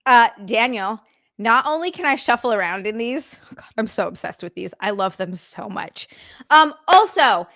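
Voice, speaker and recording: A young adult woman hosting a live stream, chatting casually and bubbly, greeting viewers and squealing with excitement. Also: on the high side, normal speed. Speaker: streamer and podcast host.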